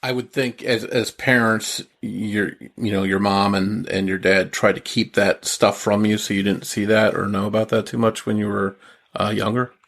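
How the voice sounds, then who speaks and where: A man hosting a podcast, asking gentle, careful interview questions. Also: fairly low pitch, little pitch movement, moderate pace, vocal fry. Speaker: podcast host.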